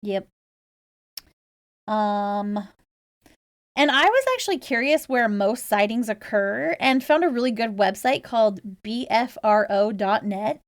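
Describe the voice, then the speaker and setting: A woman's voice: fairly high pitch, expressive, unhurried, no echo, studio quality. A woman co-hosting a casual podcast, chatty and laughing often, reading out research with fillers. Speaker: podcast co-host.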